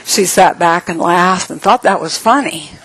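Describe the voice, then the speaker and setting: A woman's voice: on the low side, a bit bright, slightly rough, rough recording. Earnest woman giving an inspirational talk. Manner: earnest, slow emphatic phrasing with playful asides and laughter. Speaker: speaker.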